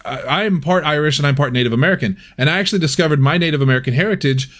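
A man's voice: a little high, racing, fairly bright tone. A man hosting a comedy podcast, rambling and interrupting himself and laughing at his own jokes. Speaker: podcast host.

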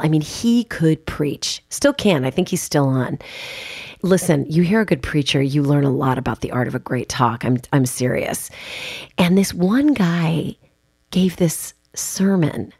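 A woman's voice: sits low, a little mellow, slightly rough, no room sound, clean studio sound. A woman hosting a podcast and coaching on public speaking, telling stories in an emphatic, chatty way with casual asides. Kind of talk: conversational podcast monologue.

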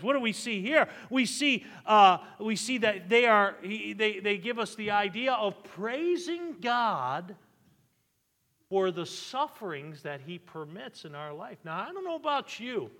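A man's voice: high voice, big pitch swings, a little slow, a bit bright, long reverb tail. A male pastor preaching a sermon, reading scripture aloud and punctuating points with "amen.". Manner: emphatic preaching with frequent amens and scripture reading. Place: church sanctuary.

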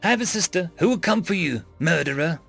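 A man's voice: on the high side, expressive, brisk, creaky, a bit bright, husky, soft background music, exaggerated voice. A man voicing a fierce, imperious female spirit of vengeance who speaks in a commanding, scornful way.

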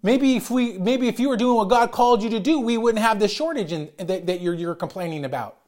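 A middle-aged man preaching a sermon as pastor, loud and emphatic, calling out to his congregation. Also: high-pitched, fairly quick.

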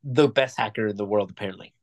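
A man's voice: fairly low pitch, fast, a little mellow. A man co-hosting a podcast, chatting casually about movies in a rambling, jokey way. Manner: rambling, jokey, restarts often. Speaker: podcast co-host. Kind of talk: casual movie review chat.

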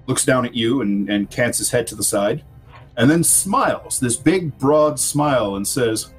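A man narrating a tabletop game as game master, relaxed and halting with many fillers. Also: medium pitch, slightly rough. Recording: faint background music.

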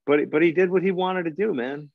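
A man's voice: a little high, brisk, gravelly, no echo. A man interviewing a relative in casual family chat, easygoing and swearing casually. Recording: dull lo-fi dry sound.

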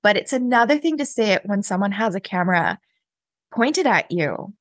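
A woman, a podcast guest, recounting a personal story in a chatty, animated way with many fillers and laughs. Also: mid-range voice, moderate pace, no room sound. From Canada. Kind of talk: casual interview storytelling.

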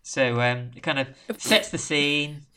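A man's voice: fairly high pitch, steady tone, a little slow, pushed and bright, smooth. A man hosting a casual podcast, retelling a film plot in a rambling, jokey way. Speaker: podcast host. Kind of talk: casual film recap chat.

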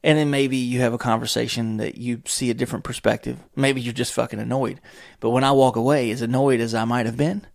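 A man's voice: medium pitch, fairly even intonation, brisk, vocal fry, hardly any pauses. A man hosting a podcast in a casual solo monologue, rambling from tangent to tangent with frequent swearing and chuckles. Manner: rambling, tangent-hopping, profane, chuckling often. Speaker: podcast host.

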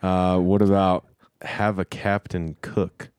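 Brief american host, very deep smooth voice, dry mic, joking around. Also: male voice, little pitch movement, takes it slowly, a little mellow, no echo. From United States. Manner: teasing, laid-back questioner. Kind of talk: casual chat.

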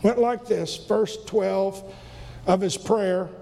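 A man's voice: sits high, steady tone, slow, gravelly, mellow. A man preaching a fervent sermon as pastor in a church, repeating his phrases and breaking into snippets of hymns. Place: church sanctuary. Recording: long church reverb with faint music.

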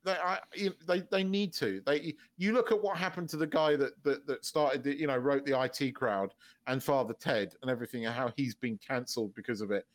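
A man co-hosting a podcast in casual chat, talking in an animated, sweary way and laughing often. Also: medium pitch, brisk. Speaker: podcast co-host.

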